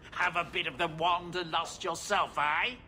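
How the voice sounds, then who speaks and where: A man's voice: a little high, pushed and bright, slight background noise, full character voice. An actor playing an aging dwarf manservant in a game, chatty and fatherly, rambling along with chuckles. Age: older.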